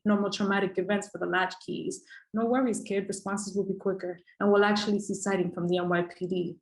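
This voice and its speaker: A woman's voice: lowish voice, a little mellow, low-quality recording. A woman performing a rhythmic, emphatic spoken word poem with a repeated refrain. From the Bronx, New York.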